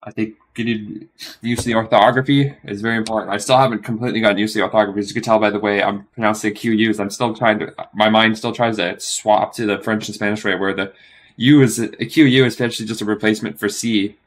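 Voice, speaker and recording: A man live streaming his study session, thinking aloud in a rambling way, correcting himself and slowly sounding out phrases. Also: fairly low pitch, fairly even intonation.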